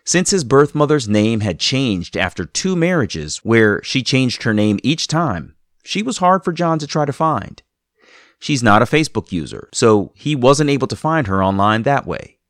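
A man hosting the show and reading scripted narration in a smooth, even delivery. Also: mid-range voice, moderate pace, no echo, studio quality. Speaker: host and narrator.

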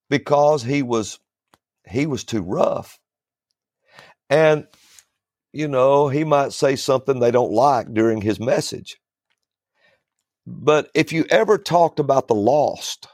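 A man who preaches, telling stories in a relaxed chat, often restarting his sentences and chuckling as he goes. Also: medium pitch, dry recording, clean studio sound. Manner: rambling, starts over often, chuckles through stories. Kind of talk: storytelling in a casual panel chat.

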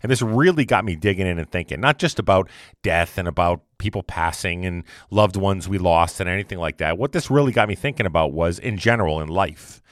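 In a casual motivational monologue, a man rambles and repeats himself conversationally. His low voice is expressive and fairly quick, recorded at studio quality with no room sound.

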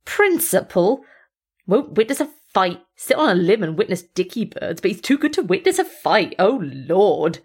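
A woman's voice: mid-range voice, unhurried, few pauses, a little mellow, close to an everyday voice. A woman voicing a coarse, scruffy male alley cat who teases and sneers. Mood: sneering. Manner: sneering, teasing.

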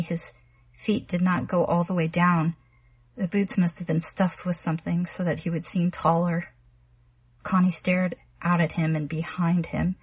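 A woman narrating a literary short story in a measured, calm reading voice. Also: on the low side, breathy edge, dry recording. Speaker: audiobook narrator.

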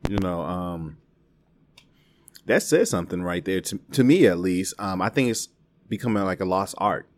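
Casual co-host, low-pitched man, measured and filler-heavy, dry mic. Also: expressive, no room sound. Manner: thoughtful, builds points with many fillers. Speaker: podcast co-host. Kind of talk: casual chat.

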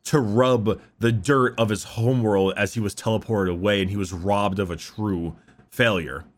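A man in casual podcast chat about game lore, animated and profane, sometimes reading quotes with dramatic delivery. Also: fairly low pitch, normal speed. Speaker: podcast co-host.

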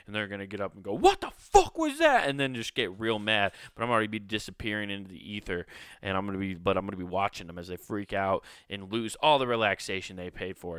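A man's voice: lowish voice, a bit bright, clean tone, dry recording, studio quality. A man hosting a casual podcast, rambling through a profane, sarcastic comedic rant.

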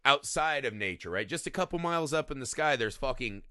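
Talking a little fast in a medium pitch, this podcast co-host discusses films in loose, profane, animated chat. He constantly ends sentences with "right?", and the sound is clean studio audio without echo.

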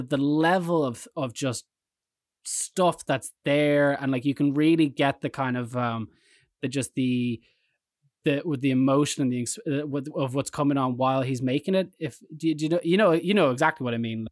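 An Irish man telling rambling anecdotes in casual chat, jumping into animated quoted voices. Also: on the high side, normal speed, no room sound, studio quality. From Ireland.

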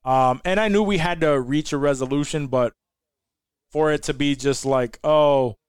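A man's voice: on the high side, moderate pace, smooth, dry recording, clean studio sound. A man co-hosting a casual podcast, rambling with many restarts and laughing easily. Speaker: podcast co-host. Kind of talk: casual chat.

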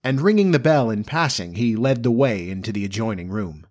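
A man narrating a classic novel in a measured, even storytelling manner. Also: on the low side. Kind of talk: audiobook reading of a classic novel.

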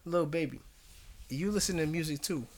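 A man's voice: fairly high pitch, moderate pace. Man steering a casual podcast chat. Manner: steers the talk, asks questions. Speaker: podcast co-host.

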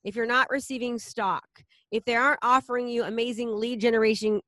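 A woman's voice: on the high side, steady tone, sharp tone, no echo. A woman leading a real estate team, talking casually and enthusiastically in a promotional chat with a colleague. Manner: enthusiastic, rapid, salesy, repeats herself.

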